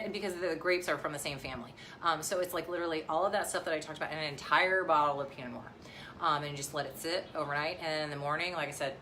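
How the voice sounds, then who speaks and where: A woman's voice: low-pitched, sharp tone, slight background noise. A woman in her thirties, a mom chatting on a casual live stream, rambling with lots of fillers and restarts. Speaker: vlogger and mom. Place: outdoors near the beach. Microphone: phone live stream.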